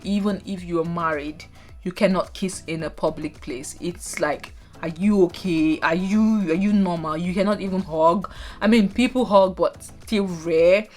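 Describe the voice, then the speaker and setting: A Nigerian woman vlogging casually, chatting to viewers with animated asides. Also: fairly low pitch. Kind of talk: casual talking-head vlog.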